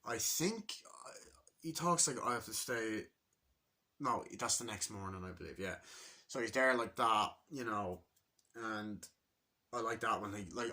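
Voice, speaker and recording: Casting note: bright, ringing male voice for a casual and profane movie-review vlog. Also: on the low side. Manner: rambling, enthusiastic, frequent swearing and restarts. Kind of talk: casual rambling film review.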